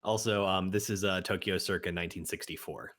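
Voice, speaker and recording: A man's voice: low voice, fairly even intonation, brisk, fairly bright tone. A man co-hosting a casual podcast chat, adding wry asides between laughs. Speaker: podcast co-host.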